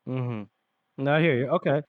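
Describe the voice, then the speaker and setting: A man's voice: mid-range voice, a little slow, dry recording, phone-quality sound. A man co-hosting a casual podcast about a book, retelling scenes and acting out the characters' lines. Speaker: podcast co-host.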